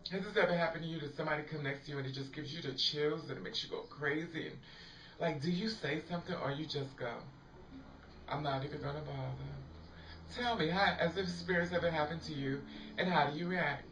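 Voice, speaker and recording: A woman's voice: low-pitched, fast talker, fairly bright tone, a little hiss or hum. A woman vlogger telling a story in casual chat to the camera, laughing often and swearing freely. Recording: roomy, distant, dull lo-fi sound.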